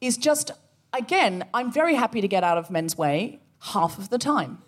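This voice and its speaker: A woman's voice: medium pitch, normal speed, slightly rough. A woman telling a story on stage at a live podcast show, acting out the voices in it. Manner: animated, acts out voices in stories.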